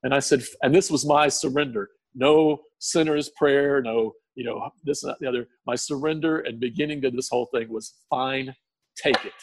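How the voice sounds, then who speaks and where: A man giving an emotional personal testimony in a podcast interview, tearful, earnest and halting, with many restarts. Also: medium pitch, no echo. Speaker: guest sharing testimony.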